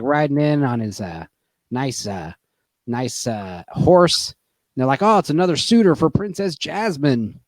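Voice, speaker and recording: A man's voice: a little high, a little mellow, no echo. A young man casually recapping a movie on a stream, rambling and profane with lots of fillers. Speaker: podcast host.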